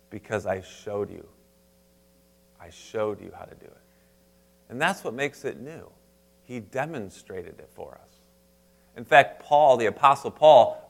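A male pastor delivering a sermon, swinging between loud, emphatic lines and hushed, quiet asides, and putting questions straight to his congregation. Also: mid-range voice.

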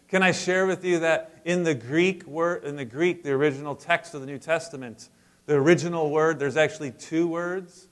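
Man, pastor, conversational sermon, casual asides, emphatic peaks, church. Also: on the high side. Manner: conversational preaching with asides and light humor.

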